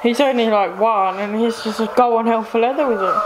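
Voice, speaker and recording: A woman's voice: on the high side, fairly quick, a crowd in the background, low-quality recording. A young woman vlogging at home in casual chat, blunt and sarcastic, filmed by someone else on a handheld camera.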